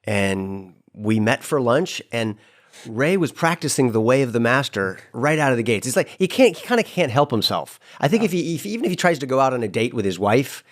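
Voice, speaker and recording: A man telling a story in a relaxed podcast chat, his pitch swinging up and down as he acts out what each person said. He sits at a middle pitch and leans into the dialogue. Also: a little fast. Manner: animated storyteller, acts out quoted lines. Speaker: guest.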